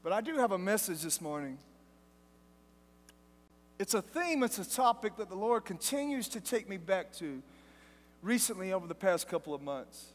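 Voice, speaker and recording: A man preaching a sermon at a live event, telling stories in a lively, joking way. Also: sits high, normal speed, long pauses. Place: large event hall. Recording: long hall reverb from live event.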